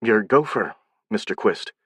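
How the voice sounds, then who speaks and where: Man doing nervous nineteen-year-old woman, trembling, quiet, dry sound. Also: on the low side, fairly even intonation, moderate pace, no room sound, lightly acted. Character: nervous young woman, nineteen, timid assistant.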